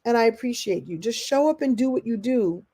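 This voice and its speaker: A woman coach talking to her audience in a live online masterclass. She chats and answers questions in an animated way, often laughing and acting out what people say. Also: a little high, a little fast. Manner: chatty, animated, acts out quoted voices. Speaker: life coach and speaker.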